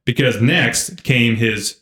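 A man co-hosting a podcast, telling a story in an animated, casual way full of filler words. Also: medium pitch, slow. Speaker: podcast co-host. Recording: roomy echo.

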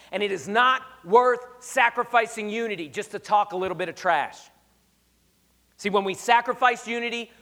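A pastor preaching a sermon, emphatic and conversational with rhetorical questions, slightly hoarse. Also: male voice, high voice, bright, forceful tone.

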